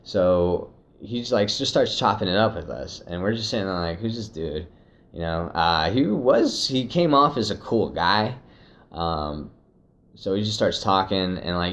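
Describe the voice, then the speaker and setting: A young man casually telling a personal story, profane and animated, slipping into acted quotes. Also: low voice, normal speed. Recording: dull lo-fi recording.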